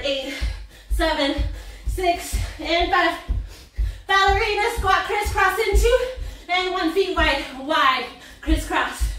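A woman fitness instructor calls out a workout class, out of breath. Her voice sits high, and she talks at an unhurried pace between cheers and counts. The sound is roomy and echoey, as if the mic sits some way off. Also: fairly bright tone, far from the mic. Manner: upbeat, counting reps and cheering with whoops and laughs.

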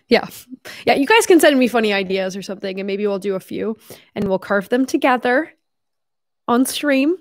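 A woman's voice: mid-range voice, expressive, a little slow, long pauses, no room sound, studio quality. Chatty young woman streaming, tiring voice. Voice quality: chatty, lots of "like", casual swearing. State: voice tiring from long talking. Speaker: live streamer. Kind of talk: casual live stream chat.

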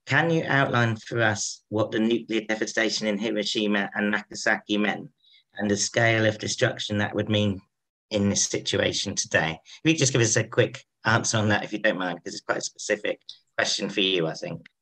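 A man chairing a panel in a relaxed way, reading out audience questions and introducing speakers. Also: on the low side, fairly quick, poor audio. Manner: relaxed, reads out audience questions, some fillers.

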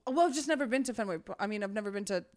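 A young woman co-hosting a podcast in casual chat, loud, brash and profane, often breaking into laughter and shouts. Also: mid-range voice, animated, rapid-fire. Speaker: podcast co-host.

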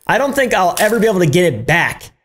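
A man giving casual gameplay commentary, excitable and yelling and cursing at the game. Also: sits high, quick pace. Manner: excitable, yells and curses at the game. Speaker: gaming YouTuber.

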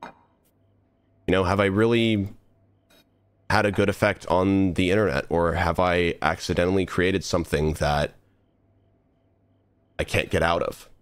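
A man's voice: low voice, fairly even intonation, measured pace, long pauses, clean tone, no echo. A young man streamer talking earnestly in a casual, rambling monologue full of restarts while he plays a game. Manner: rambling, earnest, many restarts and trailing asides.

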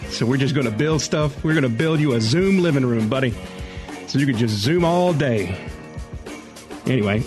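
A man hosting a call-in tech radio show, relaxed and joking as he takes callers. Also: medium pitch. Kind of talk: casual call-in radio talk.

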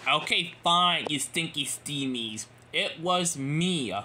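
Sneering, sulky diesel engine, slow and bright-toned , voiced by a man. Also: medium pitch, expressive, a little hiss or hum. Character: sly grumpy male diesel engine.

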